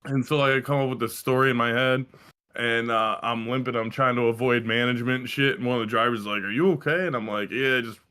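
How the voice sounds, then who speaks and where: A man's voice: medium pitch, flat delivery, fast, sharp tone, clean tone. A young man co-hosting a casual podcast, telling rambling stories full of swearing and fillers. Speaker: podcast co-host. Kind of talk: casual chat.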